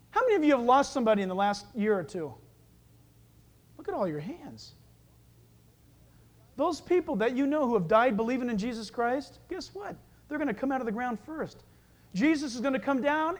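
A man preaching with a very high voice for a male speaker. He is animated and full of energy, and he breaks up the sermon with playful joking asides. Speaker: pastor.

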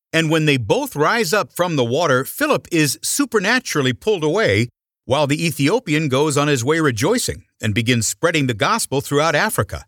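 A male radio announcer with a fairly high, lively, expressive voice. He reads a scripted introduction in a smooth, polished manner, recorded dry and close in a studio with faint music underneath. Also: dry recording. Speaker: radio host.

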